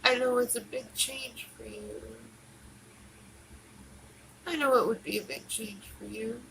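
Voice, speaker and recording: A woman's voice: fairly high pitch, very animated, unhurried, vocal fry, noisy background. A woman speaking alone on a livestream, tearful and pleading, repeating herself over and over. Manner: pleading and repetitive. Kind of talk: emotional livestream monologue.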